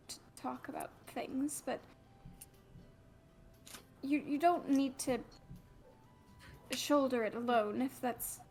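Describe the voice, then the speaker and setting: A woman's voice: on the high side, gravelly, darkish tone. A woman voicing an earnest, apologetic man in tabletop role-play, stammering and repeating herself as she speaks. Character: earnest, apologetic man fussing over a friend.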